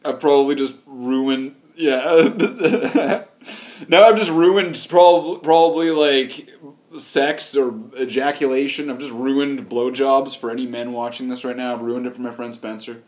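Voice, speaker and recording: A man's voice: medium pitch, steady tone, measured pace, darkish tone. A man talking casually in a loose, meandering way, restarting sentences and riffing on silly wordplay. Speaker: vlogger. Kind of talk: crude comedic rambling.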